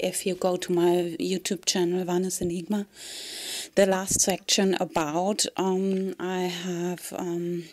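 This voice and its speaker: A woman vlogger talks slowly and unhurriedly, with a fairly low voice. She wanders from topic to topic in a comic monologue, dropping into whispered asides and chuckling. The sound is close and dry. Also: dry recording. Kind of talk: rambling comedic monologue.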